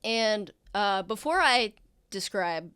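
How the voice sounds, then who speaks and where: Brief: woman game master, mid pitch, halting casual narration, dry close sound. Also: animated, a bit bright, clear, resonant tone, dry recording. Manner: casual, hesitant with fillers.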